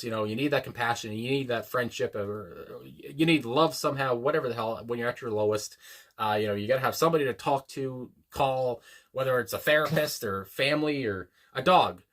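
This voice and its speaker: A man hosting a music reaction video, talking casually and reflectively with many pauses and fillers, reading lyrics aloud slowly. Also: mid-range voice, fairly bright tone. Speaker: music reaction channel host. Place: home room, a dog nearby.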